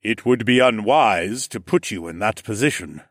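Man voicing a courtly nobleman, low rumbling voice, measured, formal, audiobook character. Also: expressive, no echo, studio quality. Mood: earnest. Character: calm, dignified nobleman and father.

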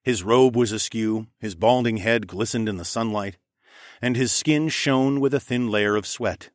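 A man's voice: on the low side, a little slow, no room sound, studio quality. A man narrating a fantasy audiobook in the first person, conversational and wry with casual swearing.

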